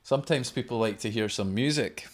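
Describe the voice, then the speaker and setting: A Scottish man with a mid-range voice who introduces songs in an easygoing way. His tone is relaxed and conversational, like someone chatting between numbers on a live stream. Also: mid-range voice, brisk. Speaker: folk band member. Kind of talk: casual live-stream chat.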